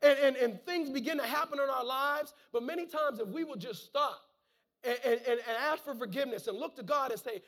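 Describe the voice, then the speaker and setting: A man's voice: very high-pitched, a little fast, a bit bright. A man preaching a sermon, reading scripture and calling out amen and hallelujah, often repeating words as he goes. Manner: fervent, punctuates with calls of amen and hallelujah; repeats words and restarts phrases.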